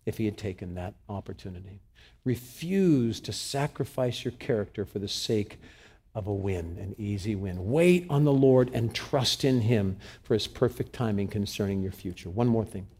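Middle-aged male pastor, sermon delivery, animated and dramatic, speaks directly to the room. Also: fairly low pitch, normal speed. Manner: animated preaching, dramatic reading aloud.

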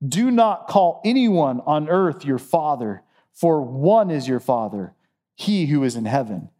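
A man's voice: a little high, sing-song, unhurried, warm tone. A man preaching a sermon, earnest and emphatic, repeating phrases to drive points home. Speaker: pastor.

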